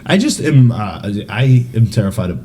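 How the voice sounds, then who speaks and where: A young man co-hosting a podcast in casual chat, telling rowdy stories and laughing, sometimes breaking into high silly voices. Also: very animated, moderate pace, background noise. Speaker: podcast co-host.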